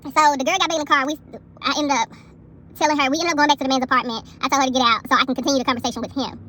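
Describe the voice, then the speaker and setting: High, bright-voiced woman telling a story. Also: racing. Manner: animated, emphatic retelling with lots of asides to viewers. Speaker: vlogger. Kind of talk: casual storytelling vlog.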